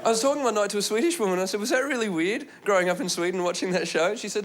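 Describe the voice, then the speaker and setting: A man doing a stand-up comedy set, telling stories in an animated way and dropping into silly voices and mock languages. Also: high-pitched, racing, hardly any pauses, noisy background. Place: live comedy stage.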